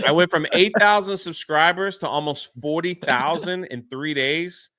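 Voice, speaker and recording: Male podcast guest, animated storyteller, slightly high and bright, dry. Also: moderate pace, no echo. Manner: excitable, swears mildly, acts out quotes.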